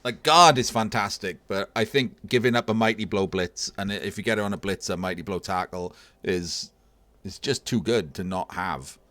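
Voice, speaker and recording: A man with a fairly low voice talks through a game match as a tournament caster. He is relaxed and analytical, thinking aloud as he goes. The sound is dry and close, with no room around it. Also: moderate pace, no echo. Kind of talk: casual game commentary.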